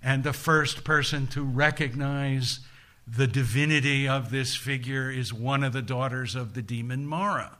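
Man telling a story in a lecture, slow and playful, bright tone. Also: medium pitch, fairly even intonation. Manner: playful, deliberate, folksy asides.

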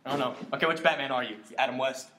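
A young man co-hosting a casual podcast, teasing and cutting in with quick jokes. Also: medium pitch, bright, forceful tone. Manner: joking, teasing, chimes in with quips. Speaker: podcast co-host. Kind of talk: casual joking chat.

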